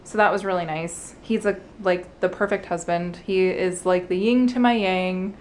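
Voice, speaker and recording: A woman's voice: lowish voice, fairly even intonation, normal speed, a little mellow, a little hiss or hum. Bubbly young woman vlogging. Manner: bubbly and apologetic. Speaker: vlogger, the host's wife. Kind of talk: casual vlog chat.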